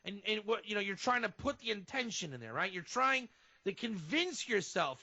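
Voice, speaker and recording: A man, a rabbi and guest on a radio show, teaching in an animated way and sometimes acting out fervent prayer. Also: high-pitched, moderate pace, vocal fry. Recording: dull lo-fi radio audio.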